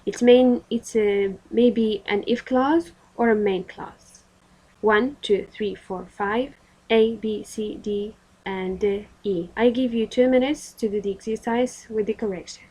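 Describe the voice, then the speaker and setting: A woman's voice: mid-range voice, fairly even intonation, measured pace, a little mellow, husky, rough recording. A woman with a Moroccan accent teaching a recorded English grammar lesson, explaining patiently with frequent fillers.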